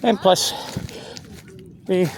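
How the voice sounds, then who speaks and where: A man ambles along an outdoor levee and talks into his phone in a loose, halting way, often breaking off to warn about safe swimming. He sounds a little winded from the walk. Faint outdoor noise sits under his voice. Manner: rambling, halting, stops to give safety advice. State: out of breath from walking. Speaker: walking tour vlogger. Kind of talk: casual walking commentary. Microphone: handheld phone camera while walking.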